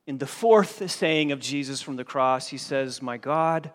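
Preaching pastor in a reverberant hall. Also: male voice, mid-range voice, unhurried. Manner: preaching with swings from hushed to loud and forceful. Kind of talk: sermon.

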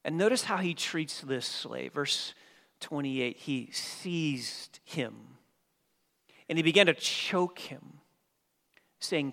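A man preaching a sermon as pastor, dynamic, swinging from hushed passages to emphatic ones. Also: on the high side, lively intonation, takes it slowly, creaky, long pauses. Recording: long hall reverb.

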